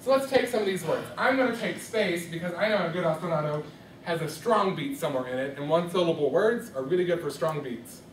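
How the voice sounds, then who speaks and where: A man's voice: a little high, lively intonation, a little fast, slight background noise. A man teaching a music lesson to a classroom, asking students questions and coaxing answers. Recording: echoey classroom from far off.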